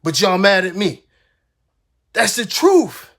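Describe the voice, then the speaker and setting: High-pitched guy going off on a livestream about dogs, blunt and cussing, keeps repeating his point. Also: big pitch swings, slow pace, a bit bright. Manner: blunt and profane, repeating himself for emphasis. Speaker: dog breeder ranting on a livestream. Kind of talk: heated livestream rant.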